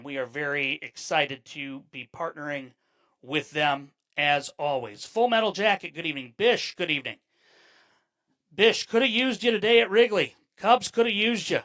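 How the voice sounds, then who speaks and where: A podcast host talks sports live in a high-pitched, bright, forceful voice, captured without any room sound. He rambles, repeats words and leans on fillers, greeting chat viewers by name while still mid-thought.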